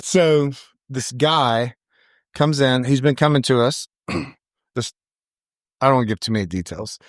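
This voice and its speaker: A middle-aged man, a salon owner and podcast co-host, telling a story in casual chat, animated and acting out quoted voices. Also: mid-range voice, a little slow, dry recording, clean studio sound.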